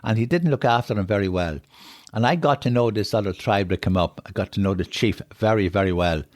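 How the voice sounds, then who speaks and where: An older Irish man guests on a podcast, his voice low, fairly quick and darkish, recorded clean in a studio with no echo. He spins rambling, conversational travel stories, often repeating himself and the phrase "on it." When something moves him, he gets emotional.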